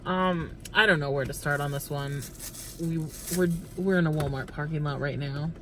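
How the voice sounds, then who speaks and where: A man's voice: on the high side, fairly even intonation, moderate pace, fairly bright tone, a little hiss or hum. A man co-hosting a late-night vlog, telling a long rambling story with many restarts from inside a car. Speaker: vlog co-host. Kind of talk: casual chat while driving.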